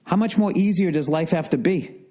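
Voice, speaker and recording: A man hosting a solo comedy podcast, ranting profanely and swinging from shouted outbursts to low grumbling. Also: fairly quick. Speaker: podcast host.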